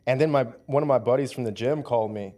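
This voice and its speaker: A young man in his twenties chats as a guest on a casual talk show. He tells his story in an animated way, packed with "like" and "dude". His voice sits at an ordinary middle pitch. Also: fast talker. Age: 20s. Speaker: powerlifter guest. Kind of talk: casual conversation.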